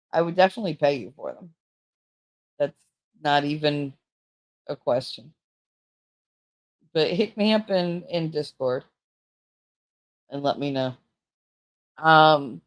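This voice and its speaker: Low-voiced chatty woman host. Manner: chatty, rambling, frank and joking. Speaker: livestream host. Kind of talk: casual chat with viewers.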